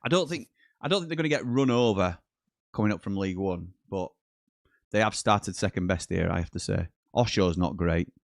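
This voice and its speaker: A British man hosting a live football watchalong, reading viewer comments aloud and breaking into quick commentary on the match. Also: low voice, creaky, no echo, clean studio sound. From Britain. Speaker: watchalong host.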